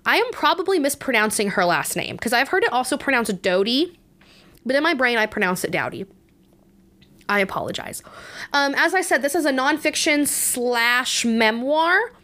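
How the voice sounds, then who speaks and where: A woman's voice: fairly high pitch, lively intonation, normal speed, fairly bright tone. A young woman hosting a casual book review podcast, chatty and congested, with many fillers and restarts and frequent laughter. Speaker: podcast host.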